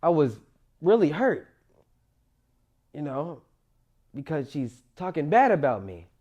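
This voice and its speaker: A young man telling his own life story as a monologue, rising loud in places and sinking quiet in others. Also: fairly high pitch, very animated, takes it slowly, highs cut off. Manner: emotional, rises loud then drops quiet. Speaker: motivational storyteller.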